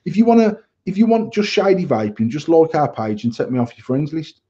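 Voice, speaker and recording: Sweary bloke, mellow dull-sounding voice. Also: male voice, on the high side, fairly quick. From England. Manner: swears a lot, animated retelling of arguments. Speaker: podcast co-host. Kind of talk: casual banter, storytelling.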